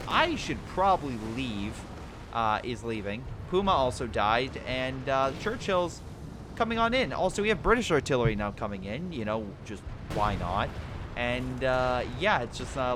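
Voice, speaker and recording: A man commentating a strategy game replay, excitable, laughing and giving units joking voices. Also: mid-range voice, normal speed. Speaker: game caster. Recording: game noise behind the voice. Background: artillery and gunfire game sounds.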